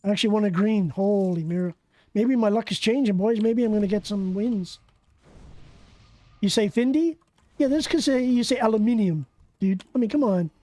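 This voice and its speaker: A streamer giving excitable, profane live commentary while playing a game and bantering with viewers. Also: medium pitch, normal speed, no room sound. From Canada.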